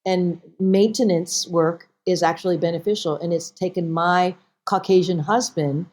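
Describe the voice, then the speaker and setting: A woman's voice: lowish voice, normal speed. A woman actress talking as a podcast guest in a casual interview, telling stories with animation and acting out bits of dialogue. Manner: animated storyteller, acts out dialogue.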